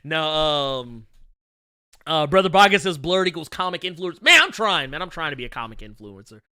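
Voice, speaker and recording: Male stream host, slightly high and very animated voice, jokey casual chat with big laughs. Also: normal speed, smooth, no room sound, studio quality. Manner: jokey, bursts into loud laughter. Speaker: comics livestream host. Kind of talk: casual chat answering viewer questions.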